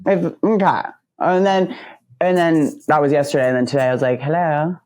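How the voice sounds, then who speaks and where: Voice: medium pitch, fairly quick, darkish tone. A podcast co-host in casual chat, animatedly acting out quoted conversations while telling a story.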